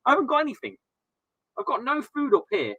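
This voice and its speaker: A man's voice: very high-pitched, huge pitch swings, fairly quick, fairly bright tone, slightly rough, no room sound. A man in his thirties chatting casually and ranting with swearing on a live football watchalong stream.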